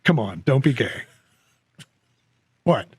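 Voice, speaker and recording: This podcast co-host, a middle-aged man, has a husky mid-range voice with big pitch swings and a slow pace. His casual chat is full of rambling, fillers and dry humor.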